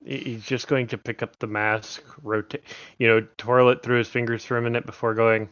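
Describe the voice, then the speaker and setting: A man's voice: medium pitch, little pitch movement, brisk, hardly any pauses, a bit bright, clear, resonant tone, no echo. A man playing a tabletop game in casual chat, hesitant and thinking aloud with fillers. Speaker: player. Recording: dull lo-fi dry recording.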